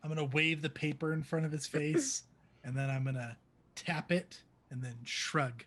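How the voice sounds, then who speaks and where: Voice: mid-range voice, fairly even intonation, moderate pace, a bit bright, slight background noise. A player in a tabletop game, describing actions and laughing often.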